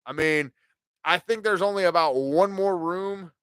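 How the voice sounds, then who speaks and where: A man's voice: high voice, a little slow, a bit bright, clear, resonant tone, dry recording. A man in his forties hosting a podcast, telling stories in a casual, profane, ranting way. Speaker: podcast host.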